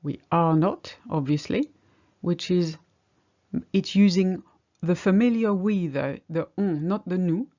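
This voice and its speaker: A woman's voice: on the low side, takes it slowly, warm tone, lo-fi sound. A woman teaching a language lesson, patiently explaining each example step by step. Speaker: French teacher.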